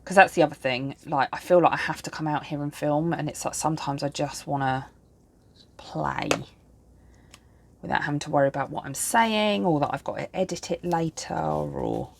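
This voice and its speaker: A woman's voice: sits low, normal speed, vocal fry, slight background noise. A tired woman in her thirties, chatting and rambling while she sets up her planner at home. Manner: rambling, chatty, self-deprecating. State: tired and yawning. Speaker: planner vlogger. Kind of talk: casual chat while crafting.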